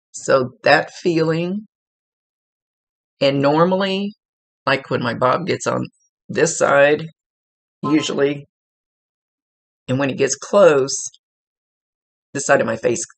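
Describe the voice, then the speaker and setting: A man's voice: medium pitch, creaky. A man working as a psychic medium, talking casually and rambling as he relays messages aloud. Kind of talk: casual spirit reading.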